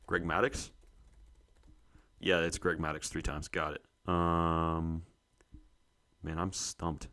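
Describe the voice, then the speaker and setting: A man's voice: deep voice, a bit bright. A young man, co-host of a sports show, thinking aloud to himself as he works through a trivia quiz, muttering and searching for names.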